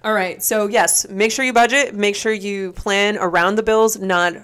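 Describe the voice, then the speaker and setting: A woman's voice: mid-range voice, steady tone, normal speed, smooth. A young woman co-hosting a podcast in casual chat. She jokes, swears and laughs easily. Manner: joking, loud laughs, slips into mock accents. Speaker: podcast co-host.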